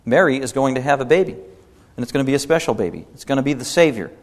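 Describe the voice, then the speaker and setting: A man's voice: mid-range voice, quick pace. A man preaching a sermon in an emphatic style, his stresses rising and swelling. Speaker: pastor. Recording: long hall reverb.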